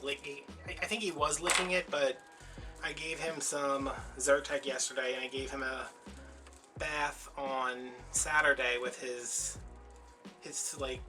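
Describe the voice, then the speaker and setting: A man chatting casually while he makes a craft, telling stories and acting out the voices of people in them. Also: fairly high pitch. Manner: chatty storyteller, acts out quoted voices. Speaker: crafting vlogger.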